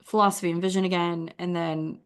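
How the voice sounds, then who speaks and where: A woman walking through a website critique in a relaxed, conversational way. She talks casually and encouragingly, filling her sentences with "like" as she thinks aloud. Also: on the low side, fairly quick, vocal fry, smooth. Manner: chatty, encouraging, uses "like" a lot. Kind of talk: casual screen-share critique.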